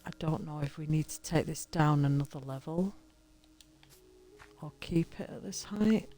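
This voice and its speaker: Lady streaming a game, slow easy pace, chatty, talks back at the characters. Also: sits low, warm tone, faint music behind. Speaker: gaming streamer. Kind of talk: casual gameplay commentary.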